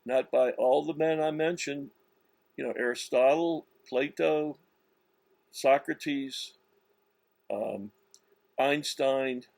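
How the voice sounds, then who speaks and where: Slow, emphatic man preaching alone. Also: mid-range voice, gravelly, a little mellow, no echo. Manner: slow, emphatic, insistent, with many restarts. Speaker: religious commentator. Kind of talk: self-recorded religious monologue.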